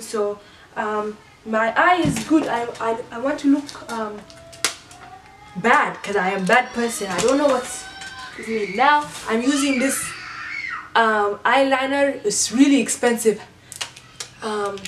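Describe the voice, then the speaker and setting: A middle-aged mother takes on a makeup challenge in a casual tutorial, her slightly high voice halting, rambling and playful with many restarts. The room echoes, she sits a little distant from the mic, and faint background noise runs underneath.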